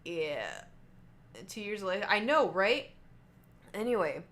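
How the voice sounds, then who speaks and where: A woman's voice: mid-range voice, big pitch swings, slow pace, fairly bright tone, a little hiss or hum. Chatty young woman telling stories. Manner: chatty, rambling, heavy on "like". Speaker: streamer. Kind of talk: casual storytelling.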